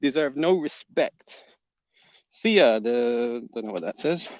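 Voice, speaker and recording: A man's voice: medium pitch, animated, slow pace, no echo, lo-fi sound. A man hosting a livestream, reading viewer comments aloud and teasing the chatters. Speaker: livestream host reading chat. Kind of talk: casual livestream chat.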